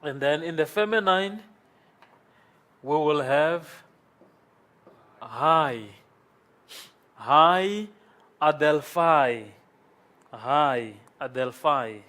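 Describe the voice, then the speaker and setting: A man's voice: a little high, lively intonation, very slow, pauses often, bright, forceful tone. A man teaching Greek in a classroom, congested from sinus trouble, who patiently repeats each form and checks in with "okay?". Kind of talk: classroom lecture. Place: classroom with a board.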